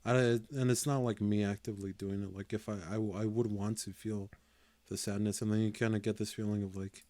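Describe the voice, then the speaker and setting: A man's voice: lowish voice, flat delivery, fairly quick, dark tone, dry recording. A man co-hosting a podcast in casual chat, talking hesitantly and searching for his words. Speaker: podcast co-host.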